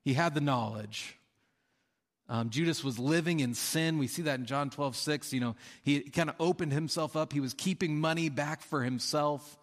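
A man's voice: fairly high pitch, normal speed. A man preaching a sermon in a casual, conversational way, often acting out the people in his stories. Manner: conversational, with fillers and acted-out quotes. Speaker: pastor. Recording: long hall reverb.

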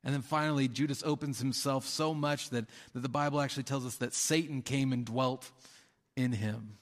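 A pastor preaches a sermon casually and conversationally, using fillers and often acting out the people in his stories with quoted lines. His medium-pitched voice has fairly even intonation and a moderate pace, and the recording carries long hall reverb.

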